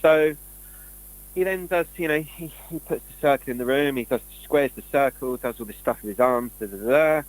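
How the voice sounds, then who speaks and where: A man's voice: mid-range voice, normal speed, rough recording. A man talking casually and rambling through stories, acting out what people said. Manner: rambling, tells stories with acted-out quotes. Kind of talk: casual conversation.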